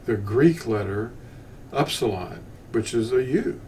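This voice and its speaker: With a dark tone, medium pitch, and lively intonation, an older man teaches scripture at an unhurried pace. He improvises, meanders, and frequently restarts his sentences or slips in asides. The distant mic catches faint ambient noise too.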